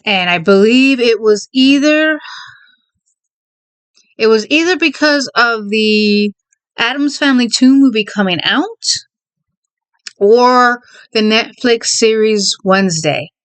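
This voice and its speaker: Holding in a sneeze and short of breath, a vlogger with a fairly high, smooth voice takes it slowly and pauses often, with no room sound. Her casual chat rambles and she keeps correcting herself, stuttering mildly and laughing a lot.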